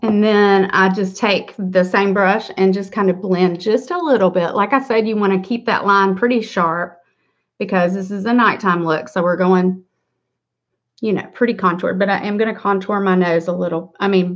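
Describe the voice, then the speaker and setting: A woman's voice: medium pitch, fairly even intonation, moderate pace. Middle-aged woman, chatty livestream makeup host, upbeat, slightly dull lo-fi audio. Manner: chatty, greets viewers by name, upbeat. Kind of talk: casual livestream makeup tutorial.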